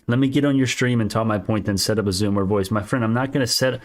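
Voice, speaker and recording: A man's voice: on the low side, quick pace. A man hosting a stock market livestream, answering chat comments in casual, argumentative talk, often restarting his sentences.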